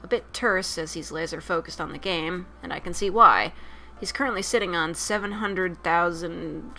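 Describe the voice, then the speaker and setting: A young woman streamer reading a dating sim aloud with loud, profane, expressive commentary. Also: fairly low pitch, moderate pace, faint music behind.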